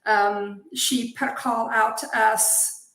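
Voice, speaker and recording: A woman with a fairly high, level, fairly bright voice speaks slowly as a guest in a casual interview chat. She's a zine's head witch, enthusiastic and full of praise for her coworkers. The room is echoey.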